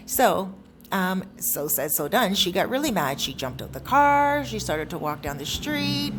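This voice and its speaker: A woman telling a story in a casual, animated, conversational way with chatty asides. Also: medium pitch, measured pace, soft background music.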